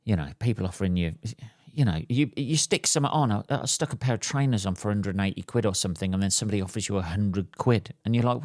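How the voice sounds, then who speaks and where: A man, a podcast host and stand-up comedian, ranting casually and swearing, swinging between loud outbursts and mutters. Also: fairly low pitch, quick pace, no echo, clean studio sound. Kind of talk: casual solo podcast rant.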